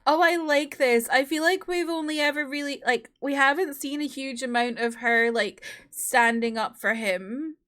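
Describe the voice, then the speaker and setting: A woman's voice: high voice, moderate pace, few pauses, a bit bright. A young woman hosting a reaction video, chatting casually and from the heart with lots of "like" fillers.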